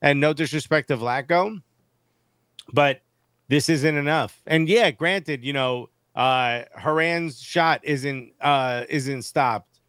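Animated joking man on a podcast. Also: fairly high pitch, slow pace, clear, resonant tone, no room sound, clean studio sound. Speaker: podcast co-host. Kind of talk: casual sports podcast chat.

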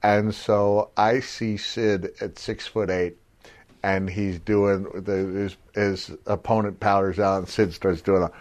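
A man's voice: fairly low pitch, steady tone, slow pace, a bit bright. A middle-aged man co-hosting a podcast, telling old stories in casual chat and laughing often as he goes. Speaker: podcast co-host, former wrestler.

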